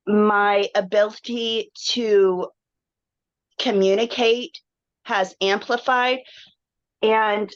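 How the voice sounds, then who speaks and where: A woman's voice: medium pitch, steady tone, drawn-out words, pauses often, dry recording. A woman guest on a webinar, sharing her personal health story in an earnest, emotional, rambling way. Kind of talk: candid personal testimonial. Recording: dull, muffled online call audio.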